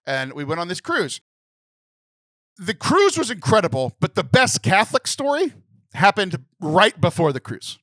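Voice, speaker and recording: A man in his thirties tells a story on a casual podcast, animated and quick to laugh. His voice is bright and slightly high. The sound is close and dry. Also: no echo. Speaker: podcast host. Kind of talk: casual chat.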